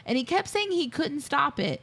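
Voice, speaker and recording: A woman's voice: sits high, big pitch swings, normal speed, a bit bright. Joking woman co-hosting a movie podcast. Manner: joking, retells scenes with quoted lines and laughter. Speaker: podcast co-host. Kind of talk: casual movie review chat.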